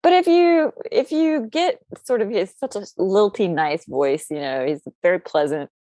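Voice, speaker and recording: A woman's voice: mid-range voice, expressive, normal speed, dark tone, no room sound. A woman from the United States chatting casually as a podcast guest, rambling with frequent restarts and self-corrections.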